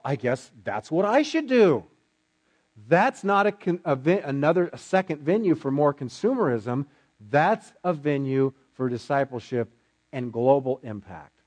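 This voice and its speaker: A man's voice: fairly high pitch, a little mellow. A pastor delivering a sermon to his church, asking rhetorical questions and voicing his listeners' objections.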